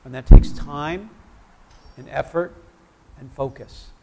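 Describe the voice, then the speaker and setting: A man's voice: fairly high pitch, slow pace, vocal fry, very noisy. A man preaching a sermon in church, talking conversationally and asking the congregation questions.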